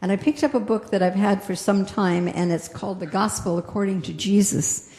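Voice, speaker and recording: A woman minister giving a gentle, reflective sermon that slows down on its key phrases. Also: medium pitch. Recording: echoey hall with long reverb.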